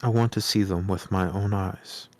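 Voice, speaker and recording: A man voicing a gentle, hearty old farmer father while reading a storybook aloud. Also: deep voice, fairly even intonation, moderate pace, no echo, studio quality, natural voice.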